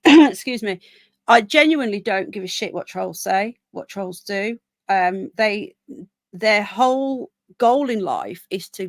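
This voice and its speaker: A woman's voice: medium pitch, no echo. Chatty Birmingham woman live streaming. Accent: Birmingham English. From England. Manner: chatty, rambling, reads out viewer comments. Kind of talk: casual live stream chat.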